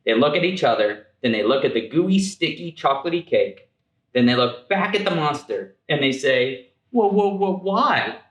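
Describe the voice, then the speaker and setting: A man reading a children's picture book aloud in a gentle, playful storytelling manner. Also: medium pitch, big pitch swings, moderate pace, reverberant, low-quality recording.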